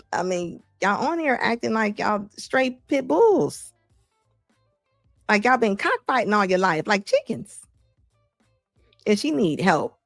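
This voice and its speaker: Female livestream host with a gravelly voice, recorded dry and close, chatty, reads comments and laughs a lot. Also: medium pitch, no echo.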